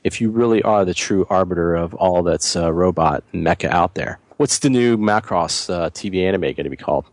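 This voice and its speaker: A man's voice: deep voice, brisk, hardly any pauses, dry recording. A man hosting a casual podcast, reading out listener submissions and teasing his co-hosts. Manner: jokey, teasing, reads news aloud.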